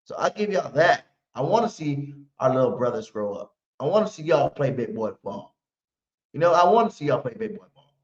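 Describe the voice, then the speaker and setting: A man's voice: mid-range voice, very animated, fairly quick. Fan-stream host, male, brash trash talk, roomy muffled audio. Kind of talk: live pregame fan stream.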